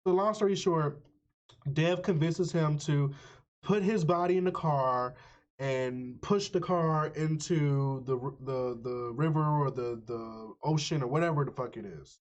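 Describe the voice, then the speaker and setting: A man streaming live, casually recapping a movie's plot in slangy, profane, animated storytelling. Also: on the high side, unhurried. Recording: slightly muffled lo-fi audio.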